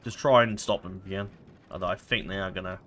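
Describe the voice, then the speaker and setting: A man's voice: low voice, steady tone, quick pace, fairly bright tone, a little hiss or hum. A man giving casual let's-play commentary, rambling and hesitant, full of fillers and self-corrections. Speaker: gameplay commentator.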